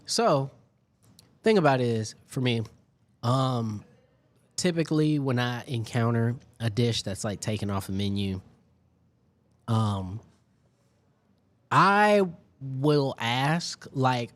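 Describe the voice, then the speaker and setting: A man's voice: mid-range voice, takes it slowly, pauses often. A man co-hosting a casual food podcast, talking animatedly with lots of fillers and sometimes eating as he speaks. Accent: Detroit, Michigan. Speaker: podcast co-host. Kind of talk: casual chat.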